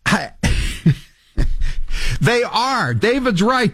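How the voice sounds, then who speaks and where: A male talk radio host delivering animated, sarcastic commentary and taking calls. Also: mid-range voice, dry recording, studio quality. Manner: animated, sarcastic, quick to rant.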